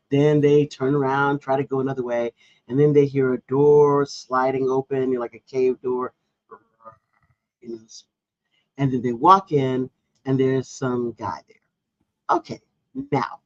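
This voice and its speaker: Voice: mid-range voice, measured pace, no room sound, highs cut off. A podcast co-host in casual chat, telling a story and arguing her point with emphatic disbelief.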